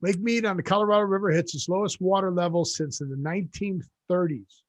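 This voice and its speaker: High voiced guy hosting a chat show, jokey and teasing, dry close sound. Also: a little fast, no room sound. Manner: joking, teasing, playful. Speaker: podcast host. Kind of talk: casual chat. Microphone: video call.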